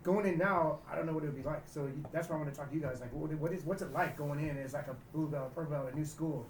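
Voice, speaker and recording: A man co-hosting a casual podcast chat, telling a story in rapid, conversational style. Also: fairly high pitch, recorded from a distance, a little hiss or hum. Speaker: podcast co-host. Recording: roomy sound from off-mic.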